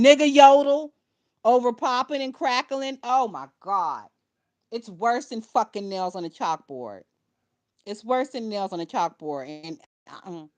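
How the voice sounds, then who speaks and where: Young woman dishing gossip to her viewers, cussing, laughing, kinda high voice. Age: young adult. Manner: blunt, profane, laughing, talking to viewers. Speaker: livestream gossip commentator. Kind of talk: casual gossip commentary.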